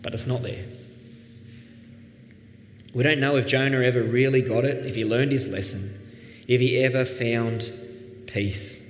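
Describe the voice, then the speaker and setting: A man preaching a sermon as pastor, earnest, dropping soft and then rising with emphasis. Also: medium pitch, steady tone, measured pace, long pauses. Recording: echoey hall, faint background noise.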